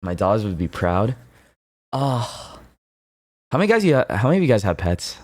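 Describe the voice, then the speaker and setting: Low-voiced playful male streamer. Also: sing-song, fast talker, darkish tone, dry recording. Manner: laughing, playful, rambling asides to chat. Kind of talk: casual chat with chat.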